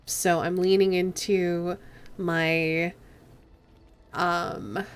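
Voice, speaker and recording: A woman's voice: fairly low pitch, little pitch movement, extremely slow, clean tone. An American woman streaming a game, chatting casually in a chatty way and laughing often. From United States. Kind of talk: casual gameplay commentary.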